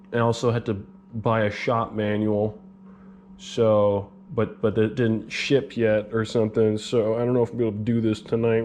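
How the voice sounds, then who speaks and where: A man's voice: fairly low pitch, darkish tone. A young man vlogging as he works on his car, rambling and joking to himself as he goes. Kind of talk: casual narration while repairing a car. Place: in and around a car, near a garage. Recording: noisy background with clicks.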